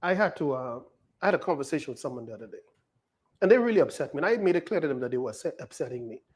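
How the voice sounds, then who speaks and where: A Bahamian man preaches with emphatic force and keeps asking rhetorical questions. His pitch swings widely, rising and falling as he drives each point home. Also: lively intonation, racing, a little mellow, slightly rough. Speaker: pastor. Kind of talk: sermon.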